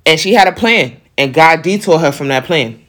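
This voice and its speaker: Passionate New York man, slightly high voice. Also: expressive, moderate pace, fairly bright tone. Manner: passionate, emphatic, repeats phrases, street slang. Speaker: podcast host. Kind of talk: casual monologue to listeners.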